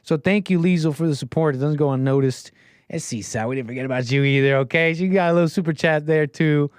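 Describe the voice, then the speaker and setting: A man's voice: on the high side, quick pace, clean tone, no room sound, clean studio sound. A man hosting a call-in livestream, chatting casually and riffing, laughing between his remarks. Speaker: call-in show host.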